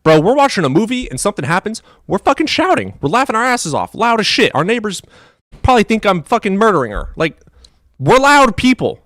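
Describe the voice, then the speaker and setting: A man from the US Midwest live streaming, chatting in a profane, animated way that swings between loud outbursts and low mutters. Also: a little fast, dry recording, clean studio sound. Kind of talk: casual livestream chat.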